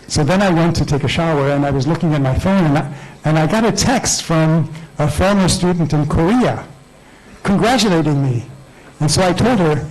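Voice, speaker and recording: A man's voice: a little high, normal speed, darkish tone, poor audio. Man lecturing on science, storytelling. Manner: storytelling, explains step by step with frequent restarts. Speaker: guest lecturer.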